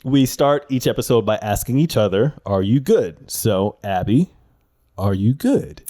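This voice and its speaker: A man's voice: fairly low pitch, sing-song, measured pace, dark tone. A man co-hosting a podcast, telling stories in casual chat with lots of fillers and restarts. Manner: storytelling, many fillers and restarts. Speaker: podcast co-host.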